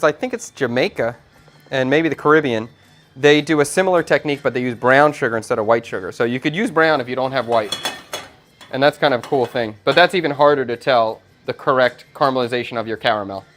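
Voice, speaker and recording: A man's voice: medium pitch, fairly quick, a bit bright. A middle-aged man, a chef hosting a casual cooking livestream, chatting loosely and thinking aloud while he cooks.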